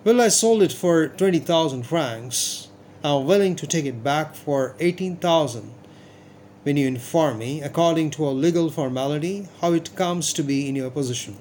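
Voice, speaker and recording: Man reading as a formal, wary shopkeeper jeweler, brisk. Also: on the high side, a little mellow, a little hiss or hum, close to an everyday voice. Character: businesslike male jeweler, sharp and wary.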